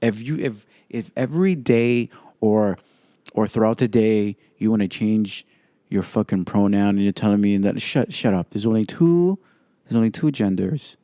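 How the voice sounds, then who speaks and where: A man hosts his own podcast alone, his voice pitched low with a warm, mellow tone. He talks bluntly and swears freely, firing off strong opinions. The recording is dry and close. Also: moderate pace, dry recording. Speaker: podcast host. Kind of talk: casual solo podcast commentary.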